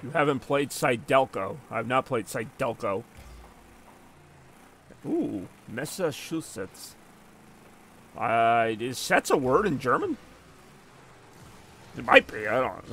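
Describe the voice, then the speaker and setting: Streaming a car soccer match, a man chats casually in a medium-pitched, slightly bright voice, with a little background noise. His talk is rambling and jokey, and he responds to chat in between plays.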